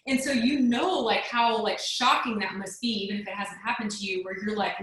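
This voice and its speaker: A woman's voice: mid-range voice, steady tone, fairly quick, a bit bright. Chatty woman in a very echoey room. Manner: chatty, many "like" fillers. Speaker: network marketing leader. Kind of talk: personal story on a video call. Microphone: video call.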